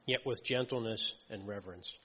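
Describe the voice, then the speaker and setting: A lay preacher gives a sermon in a relaxed, conversational way, frequently checking in with "okay" and "right." His fairly low voice is brisk and sharp in tone, and the audio is muffled with a long hall reverb.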